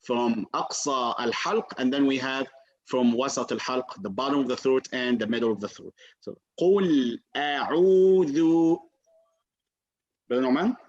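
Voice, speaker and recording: A male teacher giving an online class, patiently repeating sounds slowly for his students to copy. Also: mid-range voice, steady tone. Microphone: video call. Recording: dull lo-fi video call audio.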